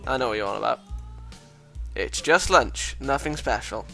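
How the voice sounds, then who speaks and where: A man's voice: mid-range voice, animated, normal speed, vocal fry, pushed and bright, faint music behind. A Welsh man voicing a weary, skeptical male student with a dry way of speaking.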